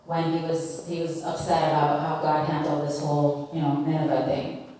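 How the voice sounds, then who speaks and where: A woman leads a Bible study, talking conversationally, posing questions to the group and using lots of fillers. Her low, mellow voice is flat in delivery and moves at normal speed. The mic is distant in a very echoey room, with slight background noise.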